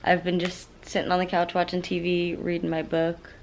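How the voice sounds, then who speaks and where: A woman's voice: fairly low pitch, completely flat delivery, moderate pace, a little hiss or hum, low-quality recording. A woman in her thirties talking candidly in a casual diary vlog, rambling and self-deprecating, with lots of fillers. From California. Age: 30s. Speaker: vlogger. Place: at home and in a car.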